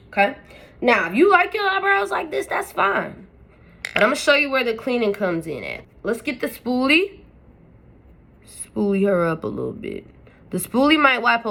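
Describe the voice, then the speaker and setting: A woman's voice: medium pitch, a bit bright. A woman hosting a makeup tutorial, talking to her viewers in a chatty, playful way. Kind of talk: casual step-by-step tutorial talk.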